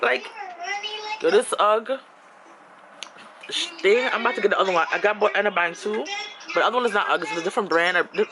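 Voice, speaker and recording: A woman ranting about her apartment in a casual vlog, frustrated and animated, her pitch jumping high when she's exasperated. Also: fairly quick, long pauses. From New York. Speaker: vlogger. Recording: background noise.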